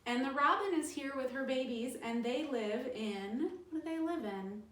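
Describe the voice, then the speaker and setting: A woman's voice: sits high, normal speed, a bit bright, roomy sound, recorded from a distance. A woman librarian in her thirties leading a children's storytime, cheerful and sing-song as she talks to young kids.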